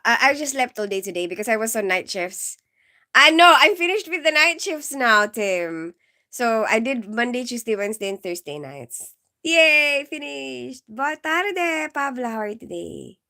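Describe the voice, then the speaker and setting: A giggly woman talks casually on her live stream, rambling with "like" and "you know" between laughs. Her voice sits high and swings widely in pitch. She takes her time, speaking at an unhurried pace. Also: bright, forceful tone. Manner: giggly, keeps bursting into laughter.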